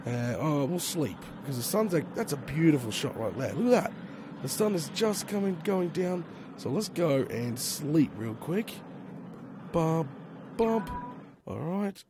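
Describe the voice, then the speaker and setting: Aussie guy w a hoarse voice muttering thru his game, bouncy pitch, lots of background noise. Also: big pitch swings, measured pace. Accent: Australian. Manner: chatty, muttering to himself with slang exclamations. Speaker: gaming YouTuber. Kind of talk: casual gameplay commentary.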